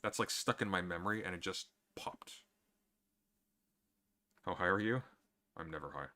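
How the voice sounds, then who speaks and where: A man with a very deep voice, answering chat questions in a casual livestream with dry, sardonic humor. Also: normal speed, sharp tone.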